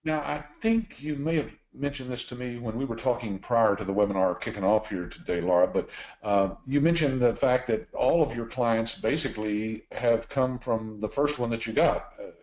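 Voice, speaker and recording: A man hosting a webinar interview, relaxed and reading out viewer questions. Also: medium pitch, moderate pace. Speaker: interview host. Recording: dull lo-fi webinar audio.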